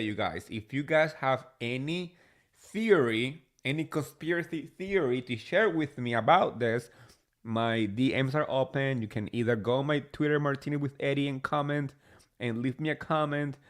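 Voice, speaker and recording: A man hosting a casual reality TV gossip recap, chatty and gushing, talking straight to his viewers. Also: mid-range voice. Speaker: podcast host.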